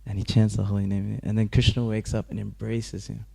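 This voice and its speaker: A man's voice: fairly low pitch, fairly even intonation, moderate pace, gravelly, few pauses, mellow. A man giving a scripture class, telling the story in a casual, chatty way, often laughing and acting out the characters. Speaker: temple class speaker.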